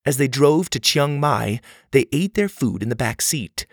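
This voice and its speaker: A man reading a children's audio story aloud as narrator, with expressive storytelling. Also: mid-range voice, a little slow, no room sound, clean studio sound.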